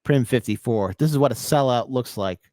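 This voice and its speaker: A man's voice: medium pitch, brisk, a little mellow, dry recording, studio quality. A man hosting a political commentary stream, reacting sarcastically to clips and reading viewer comments aloud.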